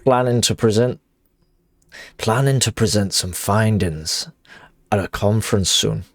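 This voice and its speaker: Voiced by a man, a scheming noble quest giver speaks in a put-on Irish accent, dropping to a low register. He reads slowly, stumbling and repeating words. The sound is dry and close, with no room around it. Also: no room sound. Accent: Irish, put on badly. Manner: slow, halting reading with repeated words. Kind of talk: reading game dialogue aloud.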